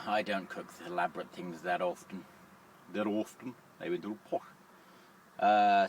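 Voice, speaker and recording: A man's voice: on the low side, fairly bright tone, recorded from a distance, slight background noise. A man, a lorry driver chatting wryly through a casual cooking vlog from his cab. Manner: chatty, self-deprecating, wry.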